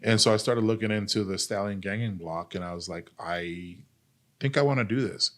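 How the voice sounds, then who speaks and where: Deep-voiced man, blunt and profane. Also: moderate pace, a bit bright. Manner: blunt and profane, heavy use of "like" and "dude"; earnest, speaks openly about pain and recovery. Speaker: podcast guest, army veteran. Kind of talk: casual candid storytelling.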